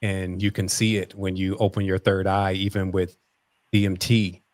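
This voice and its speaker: A man with a low, flat voice speaks as a guest in a casual discussion. He explains his ideas in a reflective, measured way.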